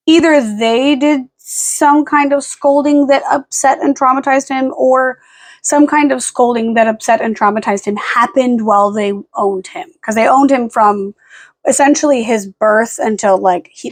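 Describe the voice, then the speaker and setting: A tired woman vlogging at home late at night, rambling and swearing, snapping sharp commands at her dogs. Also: on the high side, no room sound. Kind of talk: casual vlog talk.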